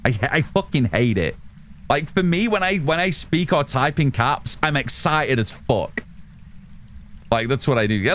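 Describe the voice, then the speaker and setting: A loud, excitable man, chatting casually with his live-stream chat while gaming and swearing freely. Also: medium pitch, a little slow, a little hiss or hum.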